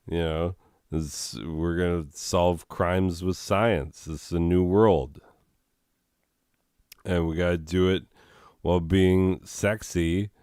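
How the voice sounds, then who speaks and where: A man's voice: low voice, a little mellow, clean tone, no echo, studio quality. A man hosting a comedy video, reading absurd entries and riffing on them with sarcastic, rambling asides.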